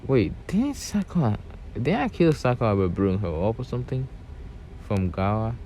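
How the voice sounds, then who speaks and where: A young man with a fairly low voice, rambling through a fan-made story in a relaxed, offhand way. He leans on fillers and restarts, with faint background hiss. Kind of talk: casual fan-fiction retelling.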